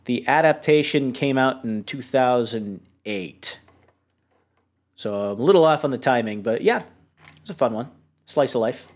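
A man from New Hampshire, co-hosting a podcast in a rambling, animated casual chat full of fillers. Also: mid-range voice, measured pace. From New Hampshire, USA. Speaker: podcast co-host.

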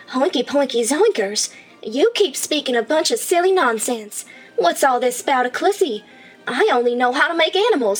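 A woman's voice: high voice, fairly bright tone, husky, heavily acted. A woman playing a cooing Southern clown girl.

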